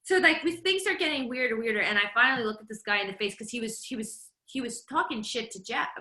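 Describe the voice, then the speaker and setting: A woman guest on a podcast, telling a story in a lively, animated way, stumbling and restarting as she acts out the quotes. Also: a little high, quick pace, echoey room. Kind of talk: casual storytelling chat.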